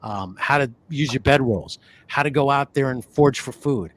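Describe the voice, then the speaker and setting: Podcast co-host, male, from the New York City area, animated and rambling, mid-range voice. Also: mid-range voice, normal speed. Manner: animated, rambling, many fillers and restarts. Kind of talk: conversational podcast talk.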